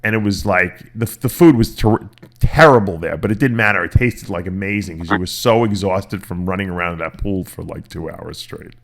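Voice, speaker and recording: A middle-aged man hosting a casual podcast chat, telling lively stories, cursing and acting out the voices of people he quotes. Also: low-pitched, normal speed, creaky. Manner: animated storytelling, swearing, acting out quoted voices. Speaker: podcast host.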